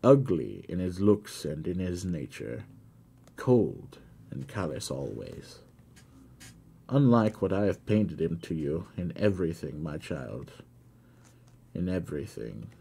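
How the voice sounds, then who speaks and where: A man playing an old father confessing to his daughter, tender and pleading, in a gravelly, very dark low voice. His pitch rises and falls widely as he begs forgiveness. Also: sing-song, slow, long pauses, exaggerated voice. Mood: bitter. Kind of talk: reading a classic novel aloud.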